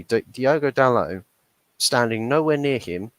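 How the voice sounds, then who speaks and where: A young man with a lowish voice rants through a football match reaction, swearing and mocking the referee. His voice sounds dry and close, with no room around it. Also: expressive, slow pace, a bit bright, no echo, rough recording. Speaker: football fan channel host. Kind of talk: heated match reaction stream.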